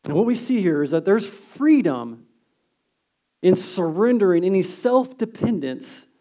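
A male pastor delivering a sermon in a high, light voice. He talks earnestly, stressing his key points with force and then sinking to a soft, hushed delivery. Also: sing-song, a little slow. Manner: earnest preaching, swings from emphatic to hushed.

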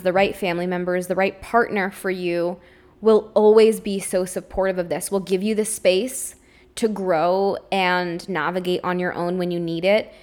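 A young adult woman hosting a solo podcast, talking openly and emotionally, with a lot of "like" in her speech. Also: mid-range voice. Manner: emotional, open, says "like" often. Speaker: podcast host. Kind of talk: candid solo podcast monologue.

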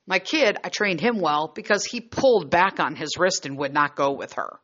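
A middle-aged woman tells her story in a frank, heated and profane way. Her voice is bright and edged, and the recording is a little muffled and lo-fi. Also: fairly low pitch, lively intonation, moderate pace, few pauses. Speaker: vlogger and mother. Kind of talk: casual storytelling.

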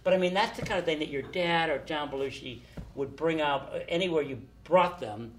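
An older man telling casual anecdotes, animated, acting out the people he quotes. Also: a little high, brisk. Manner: animated storyteller, acts out quotes. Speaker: storyteller guest.

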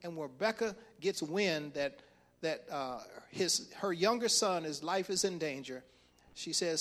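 A man's voice: on the high side, unhurried, fairly bright tone. A male pastor preaching a sermon, retelling a story with acted-out voices and frequent chuckles.

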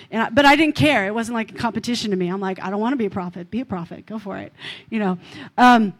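A middle-aged woman preaching, telling a personal testimony in an animated way, with many fillers and laughs. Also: fairly high pitch. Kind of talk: sermon testimony.

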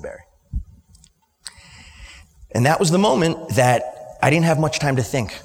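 A man's voice: mid-range voice, expressive, moderate pace, long pauses, noisy background. A man in his late twenties, a business owner telling an emotional personal story at a live talk and stuttering at moments. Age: late 20s. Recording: long hall reverb from a live event.

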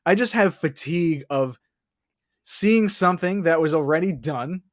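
A man's voice: on the high side, animated, normal speed. A man co-hosting a casual podcast, speaking in a laid-back, opinionated way with frequent fillers. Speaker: podcast co-host. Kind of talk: casual chat.

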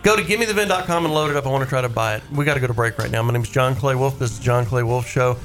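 A man hosting a weekend radio show, telling stories in a chatty, animated way and laughing easily. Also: mid-range voice, racing, faint music behind. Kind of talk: casual on-air storytelling.

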